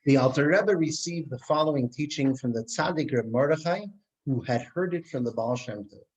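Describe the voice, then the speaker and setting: A man, as a rabbi, giving a Torah class who tells a story with animated delivery and frequent restarts. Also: on the high side, moderate pace, dull audio.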